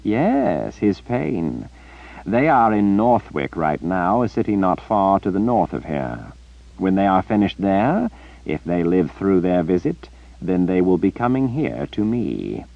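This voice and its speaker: A man's voice: deep voice, sing-song, measured pace, creaky, no room sound, muffled recording, exaggerated voice. A man reading an audiobook, voicing an arrogant, theatrical male sorcerer who drawls and dismisses others with scorn. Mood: haughty.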